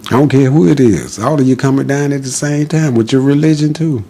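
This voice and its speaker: Male podcast guest, husky mellow tone, defiant preaching delivery in short punchy lines. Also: mid-range voice, a little fast. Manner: defiant, preachy, repetitive declarations. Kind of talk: impassioned spoken monologue.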